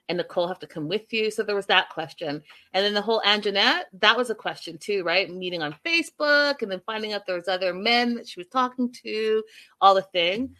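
A woman's voice: mid-range voice, bright, forceful tone. A woman chatting casually to her viewers as she recaps a show, often turning to them directly. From Canada.

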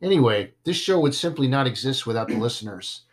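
Expressive and fairly quick, this mid-range male voice belongs to a podcast host keeping things casual. He jokes, pokes fun at himself, and occasionally trips over his words.

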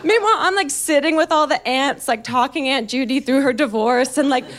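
A young woman tells a long comic story on stage in a high, bright register. She talks in a loose, chatty way, mocks herself, and laughs through her own lines. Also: fairly quick, slight background noise. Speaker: stand-up comedian. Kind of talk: stand-up storytelling.

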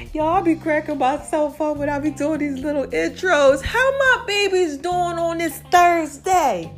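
Playful high-voiced woman host, slightly breathless. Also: soft background music. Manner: playful, drawn-out sing-song delivery. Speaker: show host. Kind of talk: casual solo talk show monologue.

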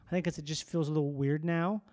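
A man in casual chat, quick and wry, riffing jokes as a comedian co-host. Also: fairly high pitch, steady tone, darkish tone, no echo, clean studio sound.

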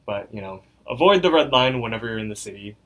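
A man's voice: lowish voice, expressive, fast talker, bright, forceful tone. A young man co-hosting a podcast, recapping an episode in a rambling, filler-heavy way. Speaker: podcast co-host.

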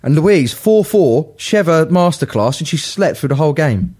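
A man's voice: a little high, lively intonation, normal speed, darkish tone, breathy edge. Chatty man telling football stories. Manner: chatty storyteller, laughs at his own jokes. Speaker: podcast panelist. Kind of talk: casual football chat.

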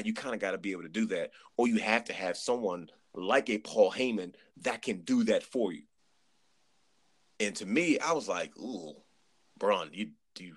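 A man chatting on a podcast, telling an animated story, acting out quotes and repeating words as he goes. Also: fairly low pitch, breathy edge. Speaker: podcast guest. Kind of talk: casual chat.

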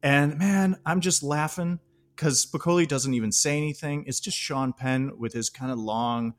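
A man's voice: on the high side, moderate pace. A man co-hosting a casual movie discussion, who laughs often while retelling scenes. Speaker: podcast co-host.

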